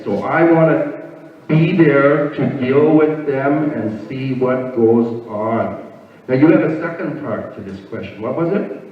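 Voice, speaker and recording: A man running for local office, answering a question at a public meeting. He talks plainly and hesitates a little. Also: mid-range voice. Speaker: municipal candidate. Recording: echoey hall, distant mic, dull.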